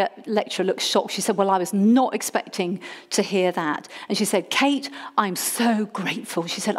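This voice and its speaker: A middle-aged woman, preaching in storytelling style and acting out her own past words with lively jumps in voice. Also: fairly high pitch. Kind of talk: sermon storytelling.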